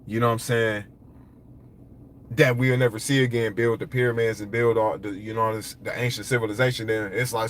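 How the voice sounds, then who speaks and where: A man talking to camera in a rambling, profane, animated monologue. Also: on the low side, a little hiss or hum. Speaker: vlogger. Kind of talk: casual monologue.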